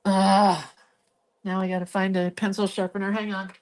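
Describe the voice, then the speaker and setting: A woman's voice: mid-range voice, little pitch movement, normal speed, a little mellow. A woman hosting a hand-lettering livestream, chatting in a rambling, reminiscing way while she draws in her living room at home. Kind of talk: casual chat while drawing.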